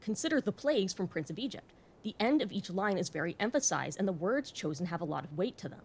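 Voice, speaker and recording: A woman reads a scripted educational video in a clear, explanatory voice. Her pitch sits right in the middle, and she drops in wry, joking asides. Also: very animated, fast talker, slight background noise. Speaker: host.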